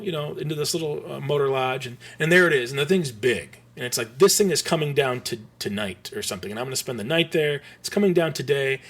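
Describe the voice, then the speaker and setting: Podcast guest, man, 40s, casual storyteller who trips over his words, slightly higher pitch. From Michigan. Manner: rambling, animated, many restarts.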